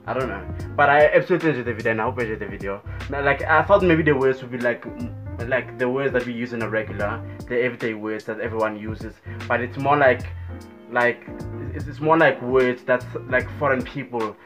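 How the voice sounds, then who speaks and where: A man's voice: medium pitch, fairly even intonation, a little fast, fairly bright tone, faint music behind. A man hosting a reaction video, talking in a hesitant, rambling, friendly way. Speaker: reaction channel host. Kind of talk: casual reaction commentary.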